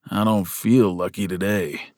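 A man's voice: low voice, fairly even intonation, measured pace, darkish tone, no echo, clean studio sound. A man doing a cocky flirting cowboy. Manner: drawling, cocky. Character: brash flirtatious injured cowboy, rough man.

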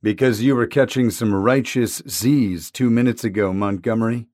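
A man's voice: mid-range voice, moderate pace, a little mellow, no echo, close to an everyday voice. Man doing a snarky hurt teenage boy. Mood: snippy. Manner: sarcastic, snippy.

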